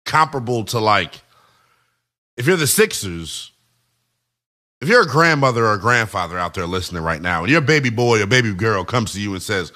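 A man's voice: medium pitch, sing-song, normal speed, pushed and bright. A man hosting a sports talk radio show, delivering an emphatic, conversational monologue with slang.

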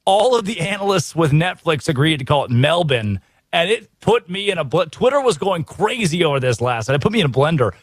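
American male sports radio host, high-ish voice, punchy and opinionated, dry studio sound. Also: fairly quick, husky, dry recording. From United States. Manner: energetic, opinionated, rhetorical questions. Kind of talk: sports talk show.

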